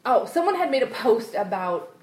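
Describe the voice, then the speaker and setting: A woman with a fairly high voice, chatting bluntly and with strong opinions. The room rings with a clear echo around her. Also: big pitch swings, moderate pace, a little mellow. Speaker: podcast co-host. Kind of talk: casual chat. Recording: roomy echo.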